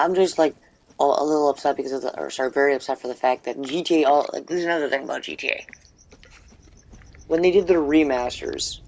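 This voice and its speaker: A man's voice: a little high, vocal fry, a little hiss or hum. A man giving let's play commentary, ranting and rambling with lots of fillers, restarts and swearing. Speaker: gaming channel host.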